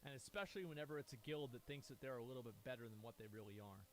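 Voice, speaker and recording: A man streaming, telling a profane, animated story and acting out the quoted dialogue. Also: mid-range voice, very fast. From United States. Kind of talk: casual storytelling to stream chat.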